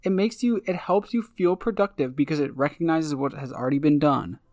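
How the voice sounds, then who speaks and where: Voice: mid-range voice, brisk, a little mellow, no echo, studio quality. Giggly playful podcast co-host. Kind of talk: casual chat.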